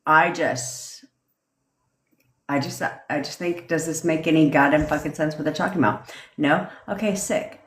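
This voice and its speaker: A woman's voice: deep voice, measured pace, reverberant. A woman who coaches manifestation, chatting casually on a livestream and reading out comments, with a lot of swearing, rambling asides and frequent laughter. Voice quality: profane, rambling, laughs often.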